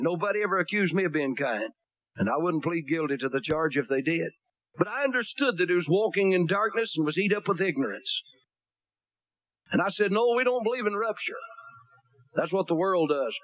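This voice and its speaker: Man, pastor, high voice, dry close sound, blunt folksy sermon. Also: expressive, moderate pace, a bit bright, no echo. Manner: blunt, folksy preaching with homespun humor; reads scripture aloud in King James wording.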